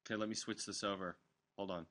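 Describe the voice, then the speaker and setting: Animated rambling man telling stories. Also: fairly low pitch, fast. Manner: rambling, animated storytelling with profanity. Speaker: host. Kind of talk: casual chat. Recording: recorded live on an online stream.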